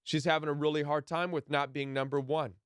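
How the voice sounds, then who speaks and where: A man's voice: a little high, level tone, fairly quick, smooth, dry recording, clean studio sound. Earnest man teaching the Bible. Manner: earnest, emphatic, acts out quoted lines. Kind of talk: sermon-style Bible teaching.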